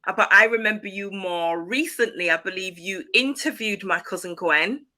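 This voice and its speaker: A middle-aged woman from Leeds, speaking as a guest in a casual interview, calm and reflective, with light giggles. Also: mid-range voice, normal speed. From Leeds, West Yorkshire, England.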